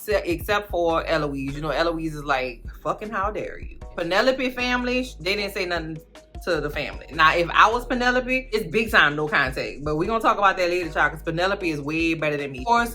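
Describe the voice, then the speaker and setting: A woman chatting through a TV recap in a slangy, rambling, animated way. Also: medium pitch. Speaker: recap vlogger. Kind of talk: casual TV recap chat.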